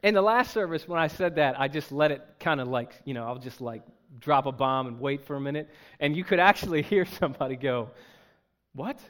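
A pastor delivering a sermon to his congregation, emphatic and animated, with joking asides. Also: medium pitch, fairly quick, few pauses. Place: church.

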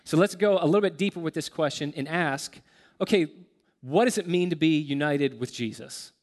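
Guy preaching a sermon, kinda high voice, slows way down to hit key words, big echoey hall. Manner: earnest, emphatic, slows down to stress key words. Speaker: pastor.

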